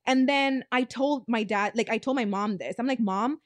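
A woman in her twenties hosts a podcast, telling a story bluntly and casually, swearing freely and saying "like" a lot. Her voice is fairly high, her pace moderate, and there's no echo.

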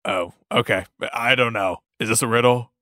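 A man's voice: medium pitch, moderate pace, pushed and bright, no room sound, studio quality. A man playing in a tabletop game, joking and hesitant, with many fillers. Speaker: player. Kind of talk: casual game chat.

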